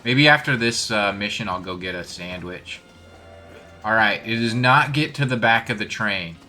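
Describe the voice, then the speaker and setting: A man's voice: on the low side, expressive, normal speed, bright, forceful tone, faint music behind. A man giving casual, self-deprecating commentary while streaming a video game and greeting his chat.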